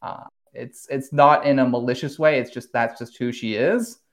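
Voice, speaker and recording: A man in casual podcast talk, recapping plot points with quick enthusiasm and easy laughs. His voice sits in a middle register and he drops the odd curse word when something excites him. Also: mid-range voice. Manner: animated recapper, swears, laughs often. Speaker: podcast host.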